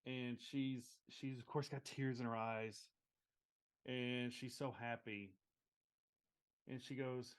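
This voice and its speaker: A man playing a tabletop game, narrating his character's actions with halting pauses and fillers. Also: medium pitch, steady tone, smooth. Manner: slow, halting, with many fillers. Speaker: player.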